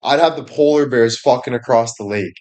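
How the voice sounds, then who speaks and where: A man's voice: medium pitch, a little fast, a little mellow. A man giving a crude, rambling comedic monologue on a livestream, swearing constantly and laughing at his own jokes. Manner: profane, rambling, laughs often, fillers like "you know".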